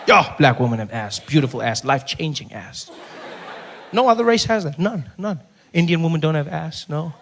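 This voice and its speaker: A man with a South African accent doing an animated stand-up routine, teasing a member of the crowd by name. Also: on the high side, normal speed, a little hiss or hum. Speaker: stand-up comedian.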